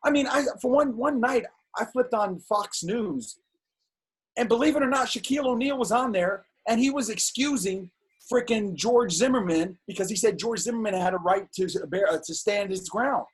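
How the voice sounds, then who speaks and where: A middle-aged man, a filmmaker guest on an interview show, telling animated, indignant stories in casual talk. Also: high voice, normal speed, husky. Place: home on a video call.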